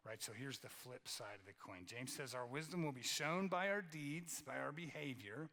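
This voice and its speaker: A man's voice: medium pitch, animated, normal speed, bright, forceful tone, long reverb tail. A man preaching a sermon in a conversational way, often tagging lines with "right?" and repeating phrases for emphasis. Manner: conversational, keeps asking "right?". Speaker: pastor. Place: church sanctuary.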